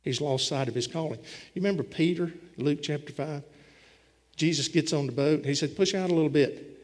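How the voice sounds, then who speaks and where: A man delivers a sermon with a homespun, storytelling touch. His voice sits a little higher than most men's. Everything rings with the long reverb of a large hall. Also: normal speed. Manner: folksy storytelling preacher, voicing scripture characters. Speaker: pastor.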